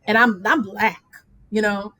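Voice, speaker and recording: A woman hosting a podcast interview, talking in a thoughtful, measured way. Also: medium pitch, steady tone, pushed and bright, no room sound. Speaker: podcast host. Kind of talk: casual interview talk.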